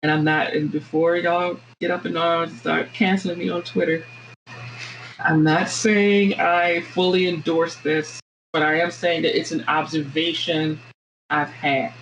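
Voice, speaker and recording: A woman with a Southern American accent, a podcast guest talking things through in a reflective, halting way with many restarts. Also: sits low, flat delivery, a little hiss or hum, low-quality recording. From Southern United States. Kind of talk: casual podcast conversation.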